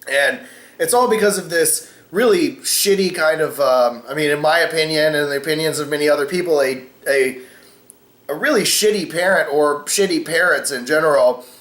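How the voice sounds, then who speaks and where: Man, casual vlog rant, rambling and profane, slightly high voice, roomy echo. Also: normal speed, fairly bright tone. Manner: rambling, cusses freely, lots of fillers. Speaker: vlogger host.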